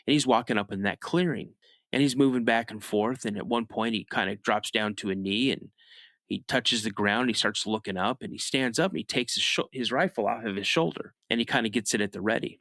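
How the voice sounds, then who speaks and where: A man tells a story as a podcast guest, in a relaxed, chatty way and at a middling pitch. He pushes his voice up high and loud to act out moments of panic. The sound is close and dry, with no room echo. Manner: animated storyteller, rises sharply when acting out his younger self shouting; frequent restarts and "you know" asides. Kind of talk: casual first-person storytelling.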